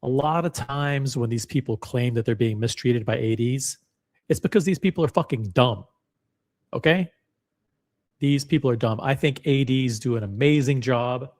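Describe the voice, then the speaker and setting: A man runs a live stream, reading a forum post and commenting on it bluntly to chat, cursing and repeating himself. His voice has a medium pitch and a darkish tone, delivered at a moderate pace.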